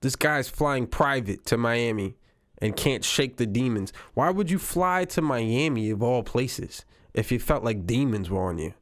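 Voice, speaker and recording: A man's voice: mid-range voice, very animated, measured pace, dry recording, clean studio sound. A man giving casual reaction commentary on news clips, wry and incredulous, repeating lines for effect.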